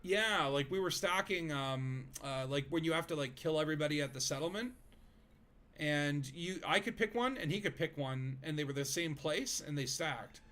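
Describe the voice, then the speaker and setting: A man's voice: on the high side, expressive, moderate pace, bright, forceful tone. A man streaming a video game, chatting casually with friends, rambling with fillers and laughing easily. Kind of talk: casual gaming chat.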